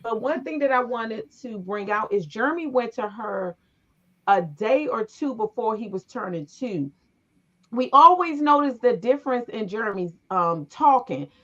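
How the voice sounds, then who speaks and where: A middle-aged woman hosts a relaxed conversation, telling stories from her own family with lively energy. She acts out the voices of the people in them. Her voice sits a little high and sounds muffled and lo-fi. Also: normal speed. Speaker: podcast host. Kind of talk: casual conversation, storytelling. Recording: muffled, lo-fi recording.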